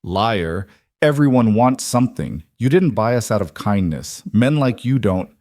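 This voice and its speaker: A man reading a story voices a frightened young frontier mother who talks in a sharp, shaky, pleading way. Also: on the low side, lively intonation, unhurried, dry recording, studio quality. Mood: accusing.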